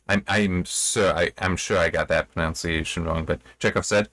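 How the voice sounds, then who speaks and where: A man's voice: deep voice, steady tone, moderate pace, hardly any pauses, fairly bright tone, no room sound. A man reviewing a novel, reading passages aloud and adding rambling, self-correcting commentary. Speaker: book reviewer.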